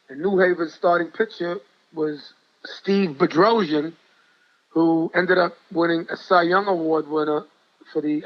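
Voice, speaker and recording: An older man with a New York accent telling stories in an interview, chatty and repeating himself. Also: high voice. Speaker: guest, former ballplayer and coach. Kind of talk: interview storytelling. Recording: dull lo-fi audio.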